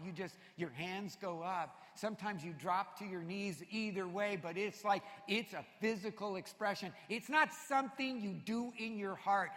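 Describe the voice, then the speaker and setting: A man preaches a sermon in a high, bright, ringing voice. He swings from energetic shouts down to quiet, hushed passages. The sound carries a long reverb from a large church hall. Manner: energetic, shouting at peaks, drops soft and low for confession. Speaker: pastor.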